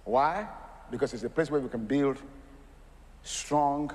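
A man's voice: medium pitch, measured pace, darkish tone, long reverb tail. A man preaching a sermon. He asks the congregation rhetorical questions and breaks into laughing asides.

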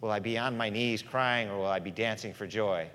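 A man preaching a sermon in a church, dramatic, swinging between loud passages and hushed ones. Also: on the low side, fairly even intonation, brisk, smooth. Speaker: pastor. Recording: long hall reverb.

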